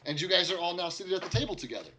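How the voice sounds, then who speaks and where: A man's voice: high-pitched, expressive, very fast, a crowd in the background. A man narrating a tabletop game as game master, casual and full of fillers.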